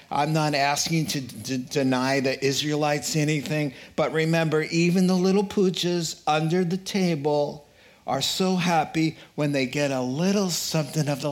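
A pastor preaching a sermon in an animated way, acting out quotes and voices with humor. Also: male voice, high voice.

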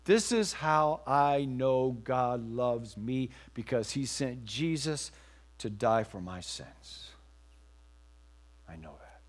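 Pastor preaching, booming then hushed. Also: male voice, animated, slow pace. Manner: swings from loud emphatic to hushed near-whisper. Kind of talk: sermon. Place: church.

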